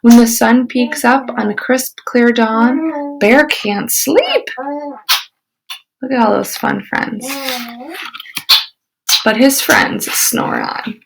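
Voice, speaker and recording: A woman teacher reading a picture book aloud to children, expressive, with whispered asides. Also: on the high side, vocal fry, low-quality recording.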